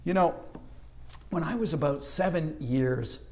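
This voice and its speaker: Guy from canada preaching, tells stories and does little voices, voice a bit on the high side. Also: a little slow. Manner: storytelling, animated with acted-out quotes. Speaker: pastor. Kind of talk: sermon. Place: church sanctuary.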